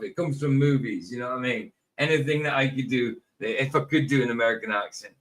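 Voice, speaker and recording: A man's voice: medium pitch, quick pace, hardly any pauses, a bit bright. A British man hosting a casual podcast chat, rambling and laughing often. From United Kingdom. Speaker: podcast host.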